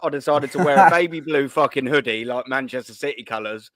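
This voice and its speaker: A man with a London accent talking casually over a video call, rambling from story to story with easy swearing. His voice sits at a middling pitch and comes across dry and close, with no room sound. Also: a little fast, fairly bright tone, dry recording. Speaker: guest on a fan show. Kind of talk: casual chat.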